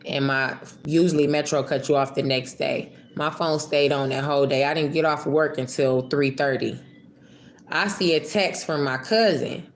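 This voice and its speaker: A woman's voice: low voice, fairly even intonation, normal speed, a little hiss or hum. A young woman from Michigan vlogging a casual storytime, rambling and emotional, swearing freely.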